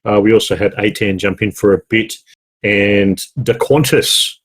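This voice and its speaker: Husky-voiced Australian man, rambling chat. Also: fairly low pitch, little pitch movement, fast talker. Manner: rambling, self-correcting, jokey. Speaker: podcast co-host. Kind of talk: casual chat.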